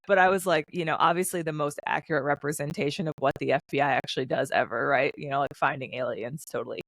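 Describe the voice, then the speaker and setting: A woman in her thirties, a former fighter pilot, chatting as a podcast guest in an animated storytelling way, acting out quotes. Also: deep voice, no room sound. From United States. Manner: animated storyteller, quick bursts, acts out quotes. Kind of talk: casual interview conversation.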